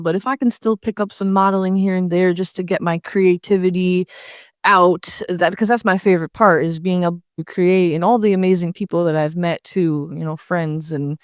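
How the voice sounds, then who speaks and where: Chatty young woman with a lowish voice. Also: dry recording, clean studio sound. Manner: chatty, animated when recounting, laughs often. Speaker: podcast guest, model. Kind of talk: casual interview chat.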